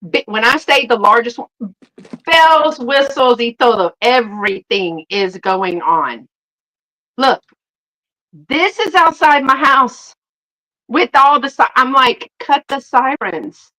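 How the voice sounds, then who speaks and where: A woman's voice: fairly high pitch, slow, long pauses, rough recording. A middle-aged woman hosts a live sale, telling a story in casual chat, acting out quotes with a laugh in her voice. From Southern United States. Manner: animated, acts out quotes, laughs often.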